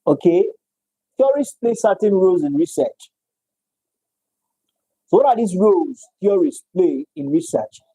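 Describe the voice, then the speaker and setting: A man gives a university lecture with a very mellow, dark tone and a slightly raised pitch. He repeats his points and keeps checking in with "all right?". The sound is dry and close to the mic. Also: expressive, measured pace, long pauses, slightly rough, no echo, poor audio. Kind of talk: live-streamed economics lecture.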